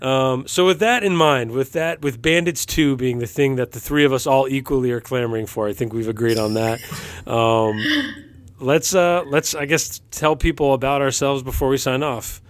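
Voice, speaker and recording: A man's voice: mid-range voice, moderate pace. A man hosting a film podcast, chatting casually and joking with his guests. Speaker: podcast host.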